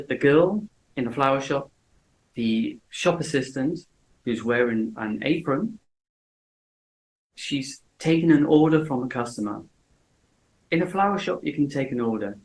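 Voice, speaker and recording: Male English teacher, mid pitch, very slow and deliberate storytelling. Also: expressive, poor audio. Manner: slow, clear, deliberate delivery.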